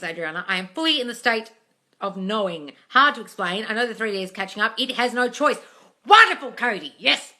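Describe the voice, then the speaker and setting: A woman's voice: mid-range voice, sharp tone. A woman coach reading viewer questions aloud on a casual live stream, blunt and full of swearing, calling everyone darling.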